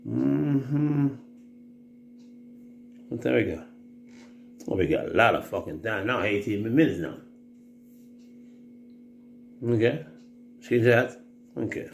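A man's voice: medium pitch, vocal fry, slight background noise. A Jamaican man telling rambling, profane stories in casual chat, often mimicking other people's voices. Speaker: reggae artist telling stories on a livestream.

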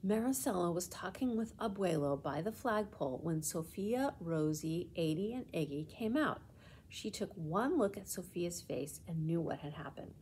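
A woman librarian reading a children's book aloud in a clear, gentle storytelling manner. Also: fairly low pitch, expressive, moderate pace, slight background noise.

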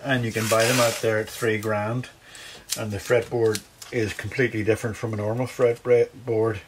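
Luthier guy talking thru a guitar setup in his workshop, kinda low voice, chatty. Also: little pitch movement, moderate pace, noisy background. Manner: chatty, talks through each step. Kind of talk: workshop demonstration to camera.

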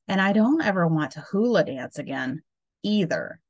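A woman's voice: lowish voice, lively intonation, moderate pace, a little mellow. A woman reading as a friendly cautious schoolboy.

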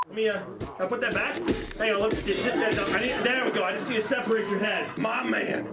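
A man doing loud, crude gaming commentary, full of manic outbursts and profanity. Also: high voice, fairly even intonation, fast talker, vocal fry, reverberant, over loud music. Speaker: gaming video reactor.

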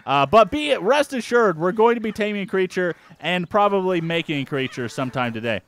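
A man hosting a let's-play, giving excitable, jumpy commentary and yelping at surprises. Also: high voice, brisk. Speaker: gaming channel host.

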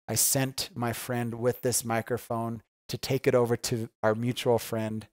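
Pastor guy preaching, chatty and earnest, mid-pitched, dry sound with no room. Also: level tone, moderate pace, few pauses, no room sound. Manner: conversational and earnest, with tag questions and repeated phrases. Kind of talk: sermon.

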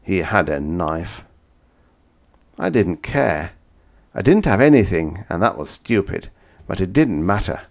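A man's voice: low voice, sing-song, measured pace, vocal fry, pauses often. A man narrating a vintage science fiction audiobook in the first person, with dramatic, intense storytelling.

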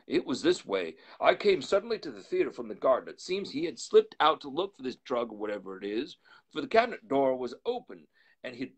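A man's voice: mid-range voice, slightly rough, pitched above the performer's own voice. A man reading aloud, voicing a frightened, loyal older male butler who pleads urgently and drops into whispers. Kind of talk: live storytelling reading.

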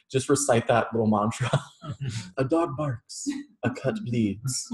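A man preaching a relaxed, conversational sermon to a small class, telling a personal story and laughing often. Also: medium pitch. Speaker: reverend.

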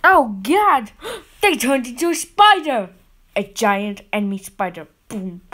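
High-voiced woman reacting bluntly. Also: very animated, slow pace, a bit bright. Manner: blunt, exclaiming. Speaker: video reactor. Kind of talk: casual reaction commentary. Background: music.

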